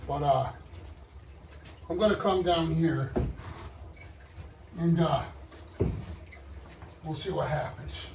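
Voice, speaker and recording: A winded man talks his way through a hands-on job in slow, halting bits, often trailing off mid-thought. His voice is gravelly and a little high for a man. He sounds set back from the mic in an echoey room with faint noise behind him. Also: distant mic. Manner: halting, muttering to himself, trailing off. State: out of breath. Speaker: hobbyist vlogger. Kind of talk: casual running commentary while working.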